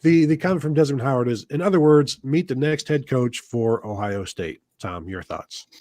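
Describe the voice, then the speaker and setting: A man's voice: mid-range voice, expressive, moderate pace, warm tone, no room sound. A man hosting a live sports podcast, talking casually with lots of fillers and restarts. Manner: rambling, many fillers and restarts. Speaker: podcast host.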